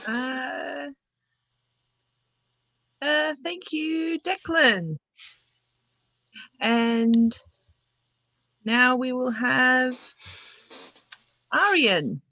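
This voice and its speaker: A woman with a gravelly, fairly high voice announces each performer very slowly and hesitantly. She hosts a performance showcase over a video call, and the sound is dry, close and dull. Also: bright, forceful tone, no echo. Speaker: event host.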